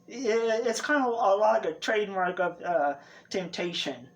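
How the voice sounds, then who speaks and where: A man's voice: high-pitched, expressive, normal speed. A man narrating a tabletop role-play as game master, rambling with many fillers and restarts.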